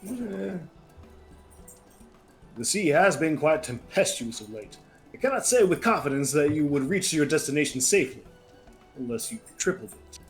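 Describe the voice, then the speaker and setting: A man's voice: fairly high pitch, very animated, normal speed, long pauses, faint music behind. A man voicing a scheming male pirate chief in a thick put-on accent, drawling and sly.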